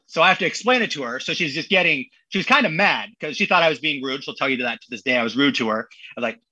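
A man in his thirties, a podcast guest telling stories in a casual, animated way and acting out the people he quotes. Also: a little high, quick pace, slightly rough, no echo, poor audio. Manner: animated, acts out quotes in voices. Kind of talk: casual storytelling.

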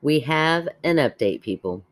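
A woman's voice: low voice, lively intonation, a little slow. A woman co-hosting a podcast, chatting playfully with lots of fillers and laughter. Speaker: podcast co-host. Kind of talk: casual chat. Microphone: podcast mic.

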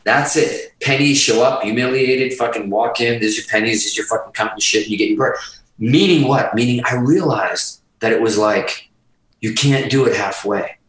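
A man's voice: mid-range voice, normal speed, a bit bright, far from the mic. A middle-aged man, telling a story in casual talk, swearing constantly and emphatically, getting emotional. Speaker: podcast guest. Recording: roomy, from off the mic.

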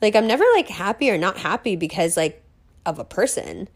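A woman's voice: mid-range voice, lively intonation, brisk. A woman hosting her own live stream in a casual motivational monologue, bubbly and gushing, swearing freely and filling her talk with "like". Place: sitting on a velvet couch in a room full of bamboo.

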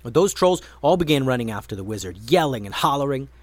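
Guy reading a kids adventure story out loud, super lively up and down voice, dry sound. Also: medium pitch, fairly quick, no room sound. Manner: expressive, animated reading. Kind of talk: children's story narration.

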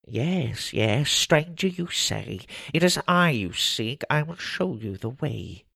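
A man doing a nasal, gravelly forest gnome. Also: medium pitch, big pitch swings, slow pace, pushed and bright, no room sound, clean studio sound, voice pushed up, heavily acted. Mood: cryptic. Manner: speaks in rhymes with inverted word order. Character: small mossy forest gnome man, riddling, cryptic. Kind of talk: storybook character voice.

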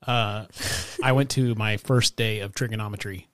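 A man co-hosting a podcast as a parent, talking in a laid-back, halting way with "uh" and restarts. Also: fairly low pitch, steady tone, dry recording, studio quality. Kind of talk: casual chat.

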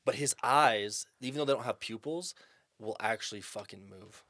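A man co-hosting a casual podcast, animated and jokey, swearing freely and jumping into the conversation. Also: lowish voice, normal speed, no room sound, studio quality. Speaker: podcast co-host. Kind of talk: casual chat.

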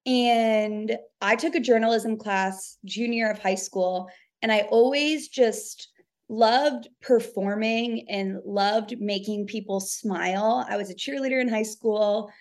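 A young woman from New York chats through her stories with lots of "like." Her voice sits in a middle pitch. She speaks as a guest in a casual podcast interview. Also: slow pace. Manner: chatty, storytelling with lots of "like". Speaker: radio producer and host.

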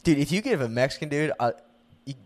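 Young male podcast co-host, slightly high voice, laughs through his stories, loose casual chat. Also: lively intonation, quick pace. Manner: laughs often while telling stories; says "dude" and "like" a lot.

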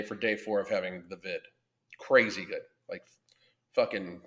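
A man's voice: deep voice, steady tone, a little slow, pushed and bright. Blunt, profane male livestream host. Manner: greets viewers by name. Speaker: livestream host and weight-loss coach. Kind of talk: casual livestream rant.

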